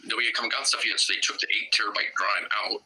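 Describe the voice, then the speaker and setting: A man casually recounting events in a played clip, with a husky voice and quick, run-on telling. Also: on the low side, steady tone, pushed and bright, low-quality recording.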